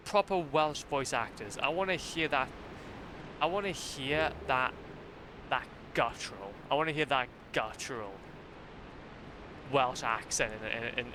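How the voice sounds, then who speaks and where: Brief: male streamer, mid-pitch, rambling and excitable, noisy mic. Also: a little slow. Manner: excitable, rambling, laughs at himself. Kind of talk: casual gameplay commentary.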